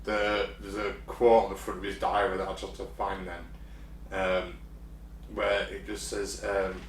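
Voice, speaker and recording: A man's voice: low-pitched, level tone, a little slow. A man co-hosting a casual podcast, telling a story with lots of ums and restarts. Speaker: podcast co-host. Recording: roomy, distant mic, faint hum.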